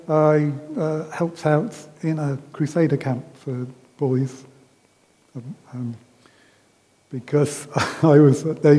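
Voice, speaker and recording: A man giving a conversational sermon as a preacher, unhurried, with frequent ums and restarts, recorded in a large hall. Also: on the high side, dark tone. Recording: long reverb of a hall.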